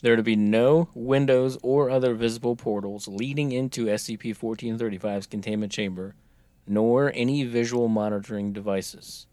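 A man's voice: medium pitch, steady tone, normal speed, dark tone, no room sound. A man chatting casually on a podcast, reading a document aloud and cracking wry jokes. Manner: joking, reads text aloud with wry asides.

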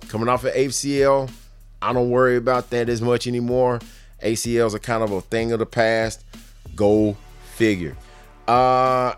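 A man giving casual sports commentary, running through news in an offhand way with jokey asides. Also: medium pitch.

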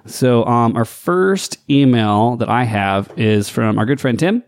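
A man's voice: medium pitch, animated, measured pace, no room sound, studio quality. A man co-hosting a casual podcast, joking around, swearing freely and reading listener emails aloud. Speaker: podcast co-host.

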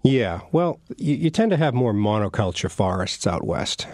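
A man's voice: fairly low pitch, big pitch swings, moderate pace, darkish tone, no room sound. A middle-aged man, an author talking casually in an interview, rambling and chuckling. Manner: rambling, with many restarts and chuckles. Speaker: author guest.

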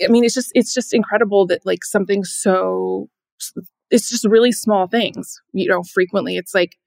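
Earnest woman with a gravelly edge. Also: medium pitch, fairly even intonation, moderate pace, darkish tone, no echo. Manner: earnest, lots of fillers. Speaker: podcast guest. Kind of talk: casual chat.

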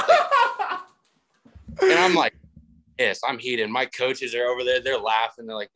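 A man in his twenties, the guest on a casual podcast, telling stories in a laid-back way and acting out quoted people in a higher voice. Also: very animated, unhurried, long pauses, bright, forceful tone. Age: 20s. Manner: laid-back storytelling, acts out quotes with raised pitch.

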